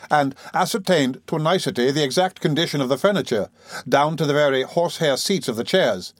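Male audiobook narrator, measured delivery, mid-range voice, dry close recording. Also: mid-range voice, dry recording. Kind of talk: scripted narration of a classic novel.

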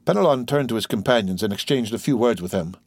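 A man's voice: mid-range voice, lively intonation, quick pace, breathy edge, no room sound, clean studio sound. A man reading a classic novel aloud as an audiobook narrator, evenly and steadily. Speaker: audiobook reader. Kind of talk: scripted narration.

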